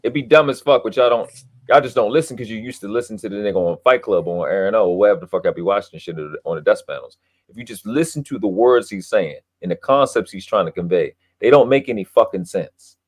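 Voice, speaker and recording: A podcast guest with a lowish, animated voice talks fast in a heated, casual debate. He's boastful and emphatic, swearing a lot.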